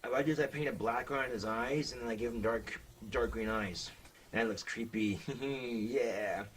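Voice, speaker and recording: A man's voice: mid-range voice, normal speed, slight background noise, poor audio. Rambling young man vlogging at home. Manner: rambling, blunt, swears a lot. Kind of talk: casual webcam vlog.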